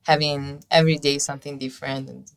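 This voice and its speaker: A woman's voice: low-pitched, flat delivery, fast talker, crowd noise. A woman in her twenties with an Italian accent, a guest answering questions in English with many fillers and shy laughs. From Italy, Veneto. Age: 20s. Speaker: guest winemaker. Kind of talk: casual interview chat.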